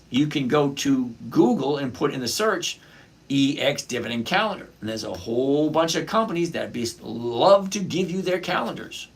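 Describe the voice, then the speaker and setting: Husky chatty man on a trading livestream. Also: mid-range voice. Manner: chatty, greets viewers by name, answers questions. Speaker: livestream host reading chat. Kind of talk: casual live stock-trading chat.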